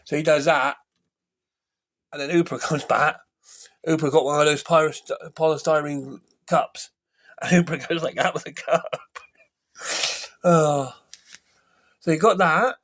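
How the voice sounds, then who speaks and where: A man's voice: on the high side, steady tone, measured pace, pauses often, fairly bright tone. A man casually retelling a film plot as a reviewer. He rambles with enthusiasm, repeats phrases and breaks off mid-sentence.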